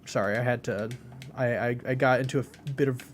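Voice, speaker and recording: A man's voice: medium pitch, fairly even intonation, fairly quick, a little hiss or hum. A man streaming a game and chatting with his viewers in a rambling, casual way, full of filler words. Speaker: game streamer reading chat. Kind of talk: casual chat while playing.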